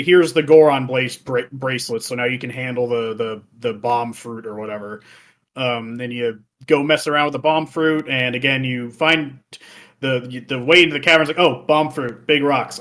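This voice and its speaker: A man co-hosting a casual gaming podcast, swearing freely, laughing often and acting out characters in quick voices. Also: mid-range voice, steady tone, a bit bright. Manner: profane, laughing, acts out game characters in voices. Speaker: podcast co-host.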